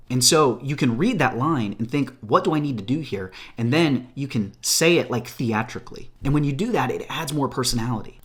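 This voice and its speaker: A man coaching viewers on video tips, talking with energy and gesturing with his hands. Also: mid-range voice. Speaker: social media coach. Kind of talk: direct-to-camera tips video. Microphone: phone or camera, recorded at home.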